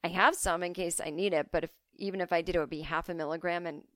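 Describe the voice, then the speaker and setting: A woman's voice: fairly low pitch, steady tone, fast, a bit bright, no echo. A woman hosting a solo comedy podcast. She reads listener mail and rants bluntly, with profanity and self-deprecating jokes. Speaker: podcast host.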